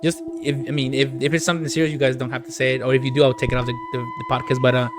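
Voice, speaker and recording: A man hosting a casual podcast chat, excitable, swearing a lot and reacting loudly. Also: mid-range voice, racing. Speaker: podcast host.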